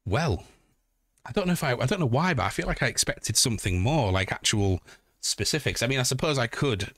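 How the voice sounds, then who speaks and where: A man's voice: mid-range voice, lively intonation, brisk, fairly bright tone, no echo, clean studio sound. A man chatting casually on a livestream, joking and swearing as he talks to his viewers.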